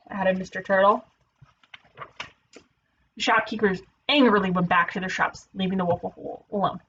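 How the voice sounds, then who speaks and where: A woman teacher reading a children's picture book aloud, playful and expressive. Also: mid-range voice, moderate pace, lo-fi sound, a little hiss or hum.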